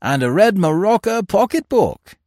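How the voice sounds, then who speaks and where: A man voicing a jovial, mocking male jailer who calls out items loudly and emphatically. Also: sits high, big pitch swings, moderate pace, no room sound, studio quality, pitched above the performer's own voice, heavily acted.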